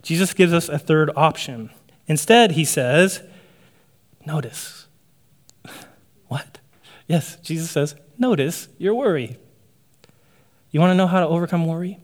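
Man preaching in a lively conversational way. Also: on the high side, moderate pace. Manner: conversational preaching with frequent "right?" asides and light laughs. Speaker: pastor. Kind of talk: sermon.

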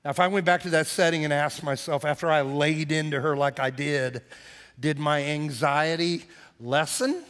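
High, bright animated pastor. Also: male voice, moderate pace. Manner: animated storyteller, acts out quotes, drops to hushed tones. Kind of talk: sermon with storytelling. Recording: live in a reverberant church hall.

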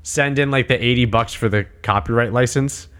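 A man in casual chat who talks excitedly, swears freely, and acts out imagined conversations. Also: mid-range voice, moderate pace.

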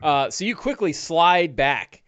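A man running a tabletop game as its game master, his pitch swinging in a lively, animated way. He narrates with frequent fillers and restarts, recorded dry and close to the mic. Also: unhurried, dry recording.

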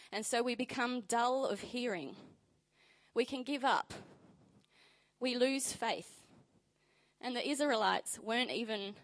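A woman preaching a sermon in a conversational way, reading scripture aloud with lively emphasis. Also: medium pitch.

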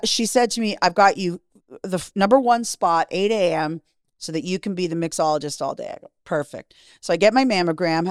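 A woman's voice: fairly low pitch, no echo, studio quality. A woman in her fifties, a guest in an interview, telling her story bluntly, swearing freely and acting out what people said.

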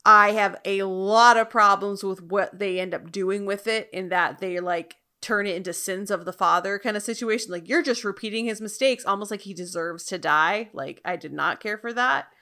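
Bright-voiced chatty woman co-host. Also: mid-range voice, moderate pace, few pauses, smooth. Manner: chatty, animated, laughs often. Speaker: podcast co-host. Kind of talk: casual chat.

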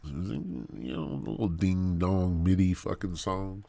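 A man's voice: sits low, slow, gravelly, dark tone, no room sound. A man hosting a podcast, ranting crudely in a rambling comedic monologue and swearing constantly, in his thirties. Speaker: podcast host.

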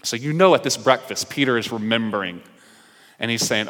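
A man's voice: medium pitch, sing-song, moderate pace, bright, forceful tone. A man preaching from the pulpit, voicing each character's lines as he tells the story. His voice sits in a mid range. A long hall reverb trails after his words. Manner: storytelling preacher who acts out the characters' dialogue. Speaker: pastor. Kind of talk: sermon.

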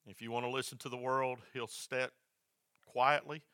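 A male pastor preaching a sermon, swinging from loud, repeated emphasis down to a soft hush. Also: mid-range voice, fairly even intonation, normal speed, clear, resonant tone, no echo. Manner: builds to loud emphatic repetition, then drops to a soft hush.

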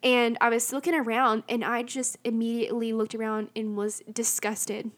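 Candid young woman with a high voice. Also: little pitch movement, moderate pace, fairly bright tone. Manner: chatty and candid, many fillers and restarts. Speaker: speaker sharing a personal faith testimony. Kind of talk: casual personal storytelling.

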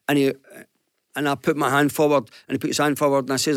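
A man from Glasgow with a Glaswegian Scottish accent, telling a business anecdote on a radio show with lively acted-out quotes. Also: on the high side, fast talker, creaky, no echo, studio quality. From Glasgow, Scotland. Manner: lively storyteller, acts out quotes, chuckles. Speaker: business guest panellist.

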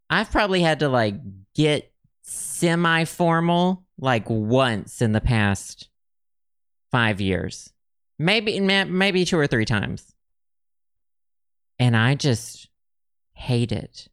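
Male podcast host, casual and rambling, smooth voice. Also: medium pitch, fairly bright tone, no echo, clean studio sound. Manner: chatty, rambling, reads facts aloud with many ums. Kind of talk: casual chat.

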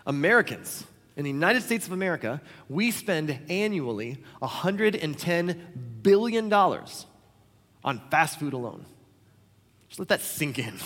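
A male pastor delivers a sermon in a high, light voice. He keeps it conversational and animated, slipping into the voices of the people in his stories. His words carry a long reverb, as if spoken in a large church auditorium.

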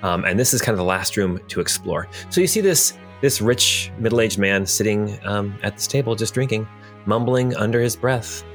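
A man's voice: lowish voice, moderate pace, faint music behind. Rambling game master, a man. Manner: rambling, with many fillers. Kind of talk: narrating a tabletop game.

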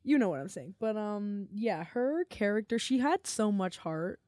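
A woman's voice: medium pitch, expressive, moderate pace, mellow, no echo, studio quality. A woman co-hosting a podcast, chatting casually with lots of filler words and giggles. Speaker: podcast co-host. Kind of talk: casual chat.

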